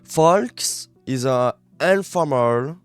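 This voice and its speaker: This man, a native French speaker with a matching accent, reads English lessons on a study stream and keeps pausing to say words again for pronunciation practice. His medium-pitched voice has lively intonation and a clear, resonant tone. The recording is dry, with faint music behind.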